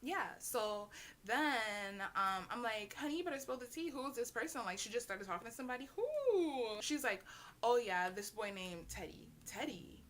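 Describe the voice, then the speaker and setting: A young adult woman telling a storytime vlog in a chatty, slangy, animated way, bursting into shrieks. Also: on the high side, moderate pace. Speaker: vlogger.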